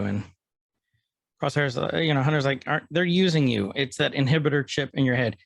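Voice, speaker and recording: A man's voice: mid-range voice, brisk, gravelly, no echo. A man co-hosting a podcast, casually retelling episode scenes and quoting the characters. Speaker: podcast co-host.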